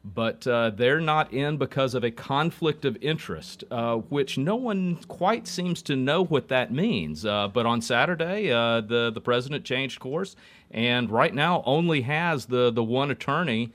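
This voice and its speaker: A man, a political reporter, speaking haltingly with many fillers. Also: mid-range voice, lively intonation, fairly bright tone. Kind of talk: guest political commentary.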